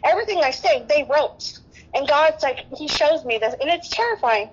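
Woman, high voice, tearful, rambling, restarts, dull lo-fi audio. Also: expressive, normal speed. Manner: rambling, breathless, many restarts. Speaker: guest nurse. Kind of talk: emotional interview talk.

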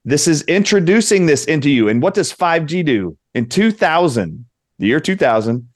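A man's voice: fairly high pitch, big pitch swings, normal speed, no echo, clean studio sound. A man speaking as a doctor guest in an interview, insistent and lecturing. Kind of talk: interview talk.

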